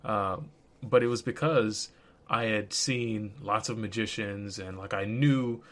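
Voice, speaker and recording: A man's voice: lowish voice, fairly even intonation, slow pace, a bit bright. A man hosting a podcast, talking in a casual, hesitant way with many restarts and fillers. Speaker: podcast host. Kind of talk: casual interview chat.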